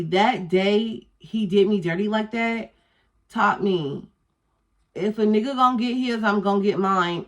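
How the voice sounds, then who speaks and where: A woman's voice: medium pitch, muffled recording. Candid, profane young woman telling a story. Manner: candid, profane, drawling delivery. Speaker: YouTuber. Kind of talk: casual storytime vlog.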